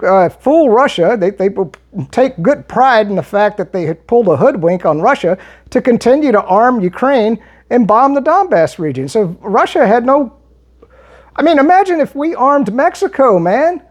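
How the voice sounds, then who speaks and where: A man answers his viewers in a heated, argumentative monologue. His pitch swings up and down animatedly, and he often stumbles and restarts mid-sentence. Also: darkish tone, lo-fi sound. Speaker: political commentary vlogger. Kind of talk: monologue reading and replying to viewer comments.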